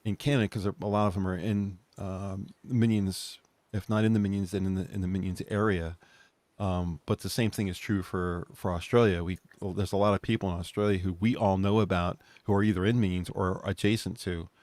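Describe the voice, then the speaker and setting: Co-host type: low-voiced man, easygoing rambler, dry sound. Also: fairly even intonation, fairly quick, a little mellow, no room sound. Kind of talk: casual online group chat.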